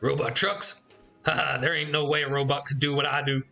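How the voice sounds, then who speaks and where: A man voicing a gruff, scornful male trucker in a video game, reading his lines in a mocking, confrontational way. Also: on the high side, level tone, brisk, bright, forceful tone, soft background music.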